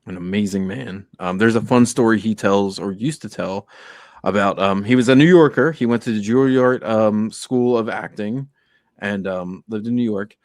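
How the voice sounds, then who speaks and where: Speaking at a moderate pace in a lowish, darkish voice, a male co-host shares earnest, heartfelt stories on a casual podcast. He performs quoted lines as he tells them. The sound is dry and studio-clean.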